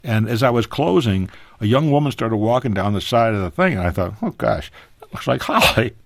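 A man telling a personal story as a guest on a radio talk show, animated, his voice leaping higher at emotional moments. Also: brisk, vocal fry, no room sound. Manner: animated, pitch jumping high in emotional moments.

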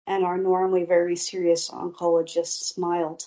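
A woman's voice: lowish voice, level tone, dark tone, muffled recording. A woman guest earnestly telling a personal faith testimony in an interview. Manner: slow, earnest storytelling.

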